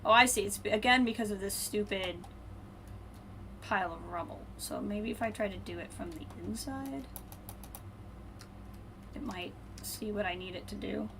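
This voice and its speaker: A woman streaming a video game, thinking aloud and muttering to herself, then brightly greeting her viewers. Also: mid-range voice, moderate pace, long pauses, background noise. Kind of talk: casual live-stream chat while playing.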